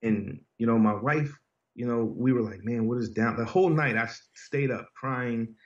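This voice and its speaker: A man's voice: medium pitch, normal speed, distant mic. Earnest male podcast guest, casual heartfelt storytelling, recorded off-mic in a roomy space with dull sound. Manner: earnest, heartfelt, frequent "you know" and "man". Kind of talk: personal storytelling in conversation.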